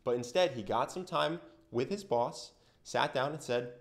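Animated young man coaching on conversations. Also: mid-range voice, unhurried. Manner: animated storytelling with acted-out quotes. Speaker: communication coach. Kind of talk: explanatory talk to camera.

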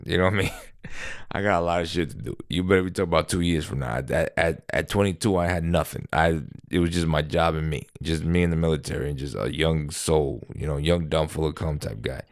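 A middle-aged man with a low voice tells a loose, rambling anecdote on his podcast. He swears freely and keeps stopping to correct himself. The recording is dry and close. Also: a little fast, dry recording. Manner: rambling, profane, frequent self-corrections. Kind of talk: casual storytelling. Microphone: podcast microphone.

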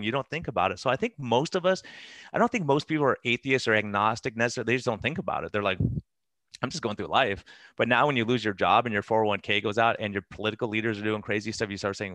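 A man who is a doctor, talking earnestly in an interview with fast, self-interrupting speech. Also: fairly low pitch, a bit bright, no echo. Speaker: doctor and podcast guest. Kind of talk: conversational interview.

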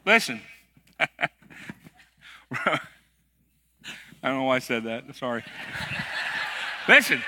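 Bright-voiced, joking male pastor preaching. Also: medium pitch, very animated, takes it slowly, long pauses. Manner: conversational, joking, emphatic. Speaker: executive pastor. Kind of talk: sermon. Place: church sanctuary.

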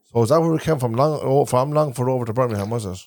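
A man's voice: mid-range voice, fast talker, a little mellow, dry recording, clean studio sound. A man with an Irish Traveller accent, a podcast host who rambles and repeats himself while telling family stories in a casual chat recorded in a caravan.

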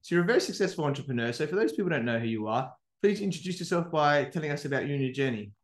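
A man's voice: a little high, lively intonation, racing. A man hosting a business interview, talking in a loose, rambling way with fillers. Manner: rambling, lots of fillers and "mate". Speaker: podcast host. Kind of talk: interview chat.

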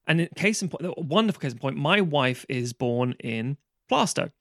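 This Londoner has a slightly high voice, lively intonation and a quick, somewhat bright delivery with no echo. In casual chat he rants and swears, acting out the people he quotes, and the sound is dry.

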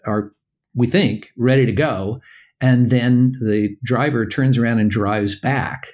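Older American male guest, halting storyteller who acts out voices, casual interview. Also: fairly low pitch, a little mellow. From United States.

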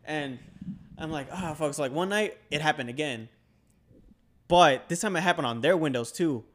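A man's voice: fairly high pitch, moderate pace, fairly bright tone. A young man casually telling a spooky story, laid-back and peppered with swearing and filler words.

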